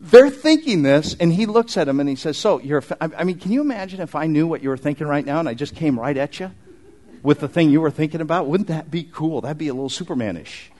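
Male pastor, middle-aged, animated conversational sermon, slightly higher voice. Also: fast. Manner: animated, conversational preaching with asides to the congregation.

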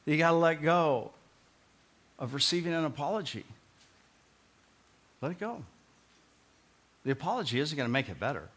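Male pastor, sermon delivery, bright voice, conversational, punchy repeats, big dynamic swings from loud to soft. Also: on the high side. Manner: emphatic, swings from loud proclaiming to quiet earnest pleading; conversational, repeats short phrases for emphasis.

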